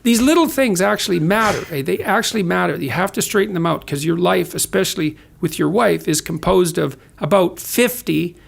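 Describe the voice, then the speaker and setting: Man talking on a podcast, kinda high, gravelly, explains stuff earnestly w/ sarcastic bits. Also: fairly quick, hardly any pauses, slight background noise. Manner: earnest, lecturing, sardonic asides. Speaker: guest author. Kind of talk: conversational podcast talk.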